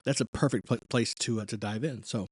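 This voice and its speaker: A man hosting a reaction channel talks over a singing lesson clip in an easy, thinking-aloud manner. His voice sits at an ordinary middle pitch and is recorded close and dry, with no room around it. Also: steady tone, a little fast, a little mellow, husky, dry recording. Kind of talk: commentary on a vocal lesson video.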